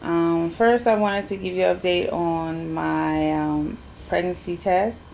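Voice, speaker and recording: A woman talking casually to a handheld camera in a personal video update. She rambles in a chatty way and pauses often. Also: deep voice, creaky, warm tone, slight background noise. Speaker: vlogger giving a personal update. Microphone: handheld camera at arm's length.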